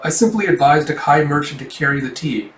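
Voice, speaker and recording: A man's voice: fairly high pitch, lively intonation, brisk, fairly bright tone. A man reading a mild, scheming young king. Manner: mild, smiling. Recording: roomy, distant mic, faint background noise.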